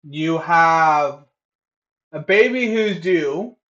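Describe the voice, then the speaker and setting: A man streaming live, reacting in a heated, profane rant that keeps bursting into shouting. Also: a little high, expressive, drawn-out words, muffled recording.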